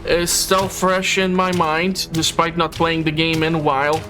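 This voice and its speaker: A man's voice: a little high, little pitch movement, unhurried. A man hosting a casual gameplay commentary, chatty and a bit hesitant. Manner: chatty, hesitant, with filler words. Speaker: host. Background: game audio and music.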